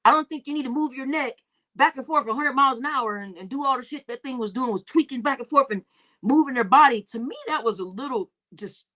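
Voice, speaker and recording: A woman's voice: sits high, quick pace, sharp tone. A young woman hosting a casual livestream, reading comments, laughing often and telling stories with lots of cursing. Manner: laughing, profane, storytelling with acted quotes. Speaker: livestream host.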